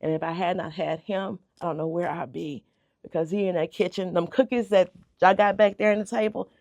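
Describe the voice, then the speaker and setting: A woman's voice: lowish voice, steady tone, brisk, darkish tone, dry recording, studio quality. A middle-aged woman, a bakery owner, telling her story in a radio interview, earnest and heartfelt, sometimes repeating words when moved. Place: radio studio. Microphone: radio studio microphone.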